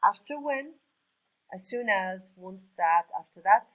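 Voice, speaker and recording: A woman's voice: mid-range voice, expressive, a little slow, low-quality recording. A woman with a French accent teaches French over a video call, working through verb conjugations aloud. She takes her time and moves between French and English to explain each form. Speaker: French tutor. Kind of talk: online French lesson.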